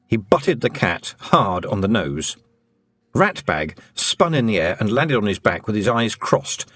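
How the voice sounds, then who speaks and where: A man narrating an audiobook in an expressive storytelling manner. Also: lowish voice, unhurried.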